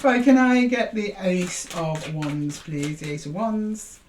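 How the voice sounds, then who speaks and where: A woman's voice: fairly low pitch, slow, noisy background. A woman giving a casual tarot reading, chatty and coaxing as she calls for cards and talks to her viewers. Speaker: tarot reader.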